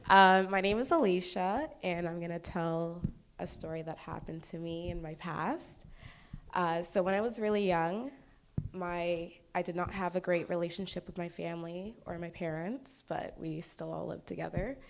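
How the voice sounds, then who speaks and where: Soft, hesitant young woman storyteller. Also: on the low side, normal speed, vocal fry. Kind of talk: live personal storytelling. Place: live storytelling event.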